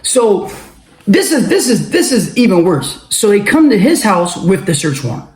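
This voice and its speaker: Man, casual storytelling, high voice, profane, animated, echoey room. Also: normal speed. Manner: profane, animated, laughing often. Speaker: vlogger telling a personal story.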